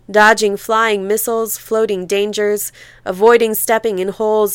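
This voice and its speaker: Smooth-voiced woman reading a novel. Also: mid-range voice, dry recording. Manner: measured, vivid literary reading. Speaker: audiobook narrator. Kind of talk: scripted narration.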